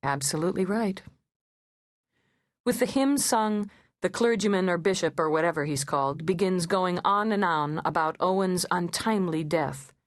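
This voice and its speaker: A woman reads an audiobook in the first person, her measured delivery carrying a sardonic edge. Her voice sits on the low side for a woman. It was recorded close and dry in a studio, with no room sound. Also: no echo. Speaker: audiobook narrator. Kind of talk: first-person scripted narration.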